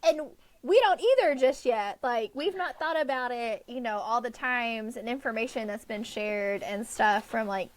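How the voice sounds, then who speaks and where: A woman's voice: a little high, moderate pace, hardly any pauses. A woman co-hosting a podcast, chatting casually about a book and acting out the characters' lines with bursts of laughter. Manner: animated, acts out characters' lines while laughing. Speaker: podcast co-host. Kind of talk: casual book recap chat.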